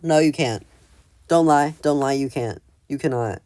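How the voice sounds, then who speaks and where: A man's voice: medium pitch, unhurried, a little mellow, dry recording. Rambling, self-mocking man in a dry room. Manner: rambling, filler-heavy, self-deprecating. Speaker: video creator. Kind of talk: casual commentary ranking own old art.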